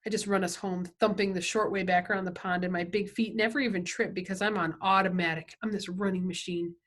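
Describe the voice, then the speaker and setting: Teacher lady reading a chapter book aloud, chatty asides, plain middle pitch. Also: fairly even intonation, a little fast, fairly bright tone. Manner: conversational asides, checking in with listeners. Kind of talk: reading a novel aloud with commentary.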